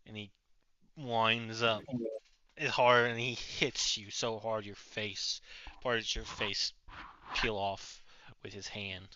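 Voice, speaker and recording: Forceful male game master, dull dry audio. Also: on the low side, flat delivery. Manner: halting, many fillers. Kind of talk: narrating a tabletop game.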